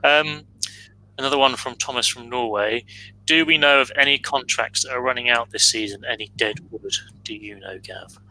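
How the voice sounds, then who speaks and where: A man's voice: mid-range voice, moderate pace, bright, forceful tone, low-quality recording. A man on a casual football podcast panel, agreeable and a little hesitant, hedging his points.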